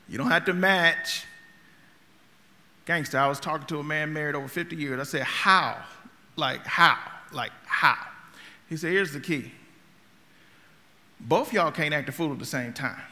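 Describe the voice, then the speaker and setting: A man preaching a sermon with a high, very bright and piercing voice. He tells humorous stories in a conversational way, moving from hushed asides to loud outbursts. His voice rings with a long reverb. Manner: conversational, humorous, swings from quiet storytelling to loud shouting.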